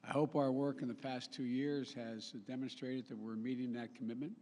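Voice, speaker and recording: Older male politician, mid-pitched, rambling formal speech, live in a reverberant hall. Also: level tone, normal speed, dark tone. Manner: rambling, self-correcting, folksy asides. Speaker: head of state giving a speech. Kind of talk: formal public speech with ad-libs.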